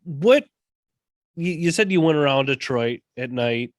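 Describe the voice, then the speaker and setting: Brief: casual male podcast host, animated pitch, dry sound. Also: measured pace, no room sound. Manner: laid-back, swears casually. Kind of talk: casual conversation.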